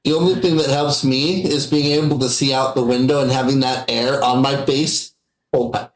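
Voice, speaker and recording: A man's voice: mid-range voice, fairly even intonation, moderate pace, echoey room, poor audio. A man co-hosting a paranormal podcast, trading wry, teasing banter in casual chat. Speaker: podcast co-host.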